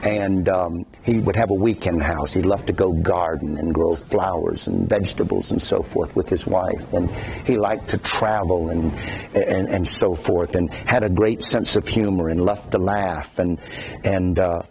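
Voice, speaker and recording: A man preaching a sermon as a pastor, talking in a conversational, animated way and often breaking into laughter. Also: sits low, a little slow, gravelly, slight background noise.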